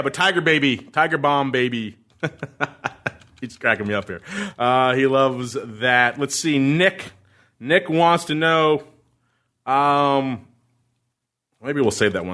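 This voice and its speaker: Man, podcast host, casual chat, bright forceful tone, joking manner. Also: medium pitch. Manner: joking, laughs often, reads listener mail.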